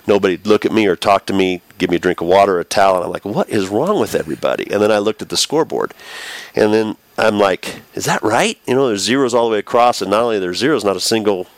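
Casting note: very low-voiced man, lively storyteller, dry close recording. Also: fast, no room sound. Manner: animated storyteller, acts out quotes. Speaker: former baseball pitcher, guest. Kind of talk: storytelling interview.

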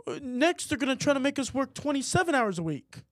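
A man's voice: very high voice, big pitch swings, fast, dry recording, studio quality, voice pushed up. A man putting on an indignant French protester. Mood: mock outrage. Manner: exaggerated mock outrage.

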